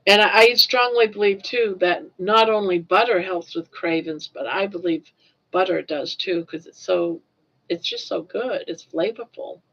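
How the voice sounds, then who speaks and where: Speaking in an unhurried, medium-pitched voice with a touch of brightness, this Maine woman of advancing years hosts a laid-back livestream. She wanders from point to point and repeats herself, all captured in flat, low-fidelity sound.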